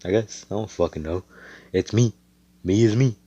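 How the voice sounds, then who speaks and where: A man's voice: lowish voice, normal speed, warm tone, slightly rough, no echo, dull audio. A young man casually improvising a fan-fiction story, rambling with profane, jokey asides.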